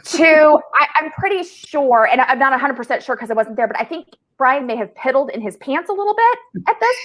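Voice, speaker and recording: A woman's voice: high voice, expressive, brisk, fairly bright tone. A woman guest on a talk show, chatting casually, teasing and often laughing. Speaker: guest sponsor representative. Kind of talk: casual chat.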